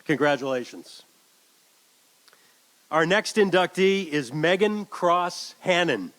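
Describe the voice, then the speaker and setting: A man's voice: fairly high pitch, animated, slow pace, fairly bright tone. A man emceeing an awards banquet, easygoing and lightly joking as he introduces inductees. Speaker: master of ceremonies. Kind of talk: formal ceremony hosting. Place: banquet hall.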